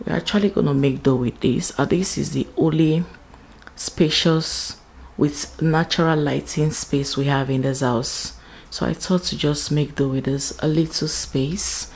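A woman's voice: low-pitched, creaky, a little mellow, husky, poor audio. A mother vlogging at home, chatting casually to her viewers and calling them "you guys" and "my loves.". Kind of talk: casual vlog narration to viewers. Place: at home indoors.

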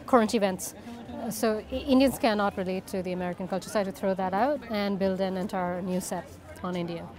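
A woman comedian answering interview questions in a measured, dry, deadpan manner. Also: mid-range voice, a crowd in the background. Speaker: guest comedian.

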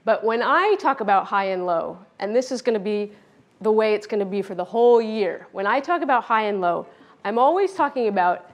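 A woman teaching a children's music lesson, speaking clearly and playfully, often demonstrating with her own voice. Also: medium pitch, expressive, brisk, muffled recording. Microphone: pre-recorded video lesson.

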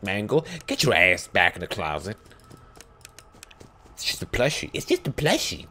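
A young man talks through a horror game in a lively voice that jumps around a great deal. He mutters under his breath, then breaks into startled yelps. It sounds like casual let's play commentary into a desk mic. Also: lowish voice, moderate pace, long pauses, a little hiss or hum. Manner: jittery, swings from hushed muttering to yelps. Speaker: gaming YouTuber.

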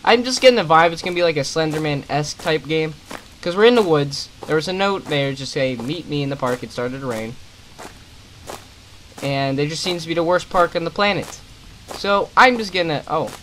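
A young gaming commentator on the high side of pitch narrates his horror game let's play at normal speed, swearing a lot and tossing in sarcastic, irritated comments. The tone is fairly bright, and the low-quality recording has slight background noise.

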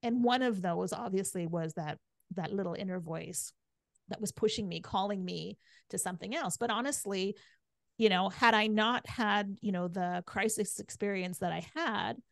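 A woman's voice: mid-range voice, normal speed, gravelly, dry recording, studio quality. Chatty middle-aged woman telling her story. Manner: chatty, frequent "right?" and "like". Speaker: podcast guest. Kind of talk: candid interview storytelling.

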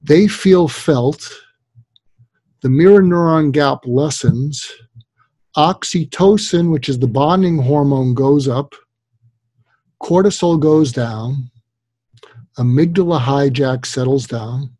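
A man's voice: on the high side, takes it slowly, long pauses, no echo. An older man, a psychiatrist guest on a podcast interview, telling stories and acting out the voices of people he quotes. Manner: animated storyteller, acts out quoted voices.

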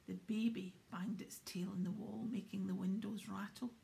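A woman reading a storybook aloud in a soft, steady whisper. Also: medium pitch, normal speed, gravelly, hardly any pauses. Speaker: audiobook reader.

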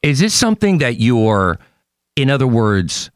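A man hosting a casual interview podcast, talking in an animated, chatty way. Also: medium pitch, unhurried, no room sound, clean studio sound. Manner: animated, chatty, tells stories with impressions. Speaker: podcast host.

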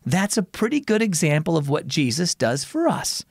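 A man voicing a calm mother in a children's story, gently explaining things to her kids. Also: on the high side, moderate pace, vocal fry, dry recording, clean studio sound, full character voice. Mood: reassuring.

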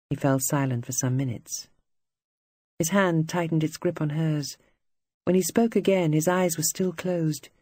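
Brief: literary audiobook narrator, dark and raspy, close and dry sound. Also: medium pitch, fairly even intonation, measured pace, dry recording. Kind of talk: scripted narration.

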